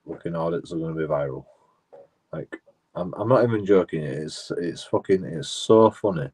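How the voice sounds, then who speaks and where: Guy with a lowish voice, casual profane rant that loops back on itself. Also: darkish tone. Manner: profane, repetitive, restarts phrases. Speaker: auditor vlogger. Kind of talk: casual rambling monologue.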